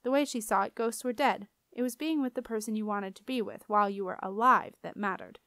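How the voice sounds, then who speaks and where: A woman narrating a children's fantasy audiobook. Her reading is even and expressive. The recording is dry and close, with no room sound. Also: mid-range voice, a little fast, no echo. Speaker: audiobook reader. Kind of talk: storybook narration.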